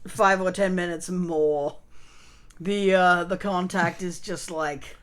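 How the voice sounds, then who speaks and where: A woman's voice: lowish voice, fairly even intonation, takes it slowly, clear, resonant tone. A woman co-playing a tabletop role-play game, making dry, teasing remarks. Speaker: co-player.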